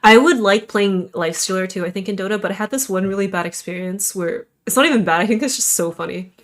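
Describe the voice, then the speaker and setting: A woman's voice: medium pitch, fast talker. A young adult woman streamer chatting casually in a rambling, self-deprecating way.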